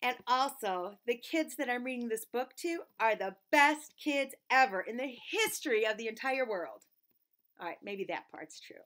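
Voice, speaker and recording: A woman's voice: fairly high pitch, expressive, a little slow, fairly bright tone. A woman teacher reading a children's book aloud, playful, with exaggerated mock protests and silly sounds.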